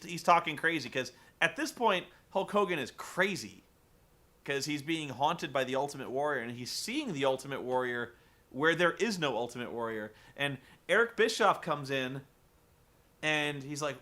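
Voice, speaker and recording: Animated, bright-voiced man recapping wrestling. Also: a little high, moderate pace. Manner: animated, laughing, casual swearing. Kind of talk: casual comedic recap.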